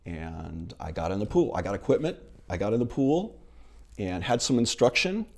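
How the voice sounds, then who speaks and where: A middle-aged male minister giving a sermon, retelling a film scene in an animated storytelling manner. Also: fairly low pitch, moderate pace.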